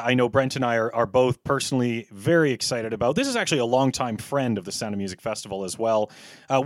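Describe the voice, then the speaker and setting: A man hosting a casual podcast, his voice sitting at an ordinary pitch. He stumbles through his intros with many fillers and restarts. The recording is dry, with little room sound. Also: no room sound. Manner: halting, lots of fillers and restarts. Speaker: podcast host.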